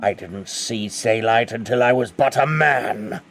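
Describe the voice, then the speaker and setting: A man doing a gravelly masked movie villain. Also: fairly low pitch, measured pace, a little hiss or hum. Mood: menacing. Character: menacing masked male movie villain, booming and theatrical.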